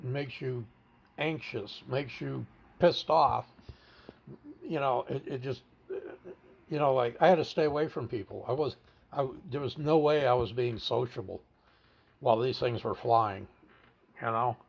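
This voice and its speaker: A man with a gravelly, fry-edged voice tells his own story in an interview. He speaks bluntly and swears casually. He often stalls and repeats words while he recounts what happened. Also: mid-range voice, a little slow, long pauses. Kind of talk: candid personal storytelling.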